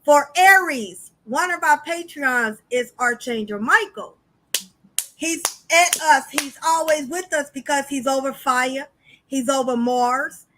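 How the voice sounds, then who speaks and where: A woman hosting a casual spiritual podcast, animated and chatty, talking straight to her listeners. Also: high-pitched. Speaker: podcast host.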